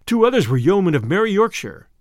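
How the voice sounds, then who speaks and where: A man narrating a classic storybook tale in an expressive reading of archaic prose. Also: high-pitched, fast talker, no echo, studio quality.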